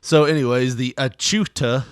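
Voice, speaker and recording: A man's voice: medium pitch, steady tone, moderate pace, clean tone, no room sound, studio quality. A man co-hosting a casual podcast, laughing often and reading news stories aloud with joking asides. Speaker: podcast co-host.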